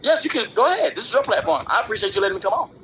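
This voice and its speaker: Guy with a really high voice arguing fast, keeps cutting in and repeating stuff, bit of background noise. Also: very animated, a bit bright, rough recording. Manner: interrupts, repeats phrases, taunting. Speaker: challenger guest. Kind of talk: heated argument.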